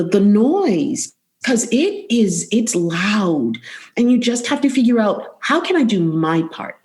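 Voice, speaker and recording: A middle-aged woman, a vocal coach, talking as a podcast guest in an expressive, rhythmic way, repeating phrases for emphasis. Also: medium pitch. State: emotional, close to tears.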